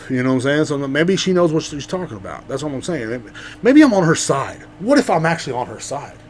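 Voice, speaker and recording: A man's voice: a little high, very animated, fast, a little hiss or hum. Rambling, profane man. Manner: rambling, profane, swings between loud outbursts and mutters. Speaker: podcast host. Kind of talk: casual comedic monologue.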